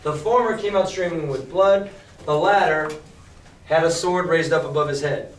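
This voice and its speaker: A male teacher reading a novel aloud to a class and explaining it in a lively, emphatic way. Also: on the high side, normal speed, a little hiss or hum. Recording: echoey classroom from far off.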